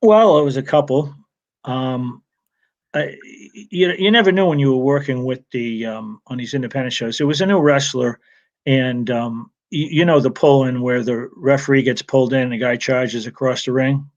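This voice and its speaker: Over a remote call with dull audio, a retired wrestling referee spins rambling anecdotes from his career, often restarting and laughing. His mid-range voice moves at a normal speed in this casual storytelling interview.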